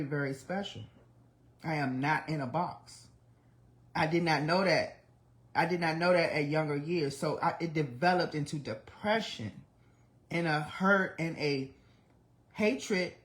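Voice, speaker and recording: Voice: medium pitch, unhurried, a bit bright. A livestream host in their forties speaks in an open, confessional monologue. The delivery is blunt and emotional, peppered with swearing. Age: 40s. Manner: candid, blunt and heavily profane; emotional, speaks of trying not to cry.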